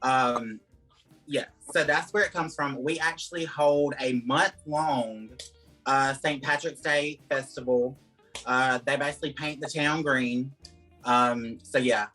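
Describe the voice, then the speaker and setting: Here a Southern-accented interview guest from Georgia talks slowly in a medium-pitched, fairly even, sharp-toned voice. Soft music sits behind the rough recording as he wanders through his answers in a casual, chatty way, full of "um" and "like."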